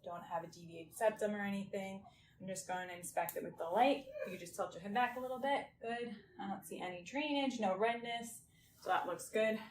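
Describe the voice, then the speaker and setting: A woman in a clinical exam room calmly explains each check as she performs it, gently asking for agreement along the way. Her voice sits at an ordinary middle pitch. The recording sounds roomy, with a faint noise underneath. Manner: gentle, reassuring, often checks in with "okay?". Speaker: examiner doing a health assessment. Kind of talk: step-by-step clinical exam instructions.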